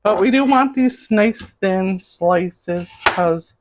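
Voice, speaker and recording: A woman's voice: medium pitch, takes it slowly, highs cut off. A middle-aged woman hosting a cooking video from her home kitchen, chatting in a casual, rambling way as she works. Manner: chatty, rambling, talks to camera while cooking. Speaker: cooking show host. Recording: noisy kitchen with clattering dishes. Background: pots, pans and dishes clattering.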